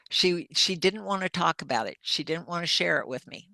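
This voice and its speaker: A woman's voice: lowish voice, expressive, moderate pace, bright, forceful tone, no room sound. An older woman, a podcast guest, earnestly recounting a personal story in vivid detail. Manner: earnest, vivid retelling with acted-out dialogue.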